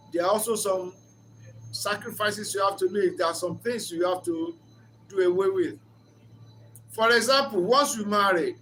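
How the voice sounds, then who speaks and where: An earnest man delivers a reflective, preacher-like talk and tells stories as he goes. His voice sits high and sounds bright. A faint ambient hum runs underneath. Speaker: speaker of a reflection channel.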